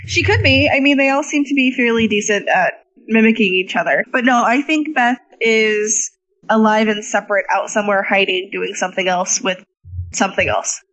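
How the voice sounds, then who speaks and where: A woman co-hosting a casual chat, animated, swearing freely and laughing often. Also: mid-range voice, normal speed, poor audio. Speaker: podcast co-host.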